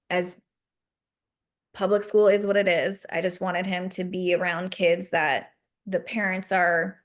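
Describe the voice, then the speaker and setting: A young adult woman as a podcast guest, talking candidly and earnestly about raising her son, with frequent fillers. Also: lowish voice. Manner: earnest, open, rambling with fillers. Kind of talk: candid interview talk.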